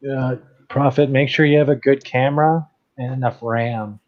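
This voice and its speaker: A man's voice: mid-range voice, steady tone, moderate pace. A man joking around bluntly in a casual group chat on a livestream video call. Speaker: stream guest. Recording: dull lo-fi call audio.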